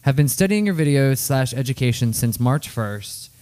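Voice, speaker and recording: A man co-hosting a salon talk show, reading a listener's note in a steady, plain voice. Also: medium pitch, moderate pace. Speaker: co-host.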